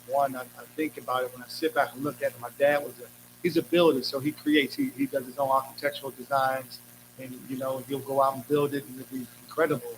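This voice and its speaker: Earnest man, mid-pitched, conversational. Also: slight background noise, poor audio. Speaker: guest. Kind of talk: casual conversation.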